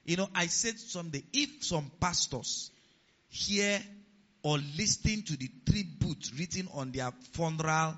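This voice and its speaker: Lively preacher, bright tense voice. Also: male voice, unhurried. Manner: rhetorical questions to the congregation; acts out quoted speech in a lower voice. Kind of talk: sermon. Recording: dull lo-fi recording.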